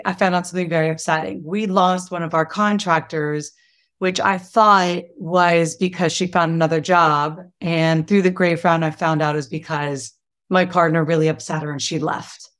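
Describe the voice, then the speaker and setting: Woman in a Q&A, earnest, stops and restarts, lower-pitched voice. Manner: earnest, halting, searches for words. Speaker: audience member asking a question. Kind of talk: casual conversation.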